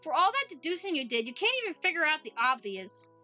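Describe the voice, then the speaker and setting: A woman's voice: high-pitched, sing-song, fast, pushed and bright, muffled recording, soft background music, heavily acted. A woman voicing a blunt, impatient young girl who teases her friend in a snappy, sarcastic way in a voiced visual novel. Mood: exasperated.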